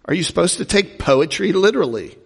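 A pastor teaching a Bible class preaches a sermon in a fairly high, gravelly voice with big pitch swings and a slightly fast pace. He stays conversational, putting questions to his listeners, while the long reverb of a big hall rings around him.

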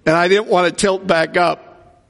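Man, pastor, slightly high gravelly voice, jokey storytelling sermon, long hall echo. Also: steady tone, unhurried, fairly bright tone. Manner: humorous storytelling, acts out quoted voices. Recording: long reverb from a large hall.

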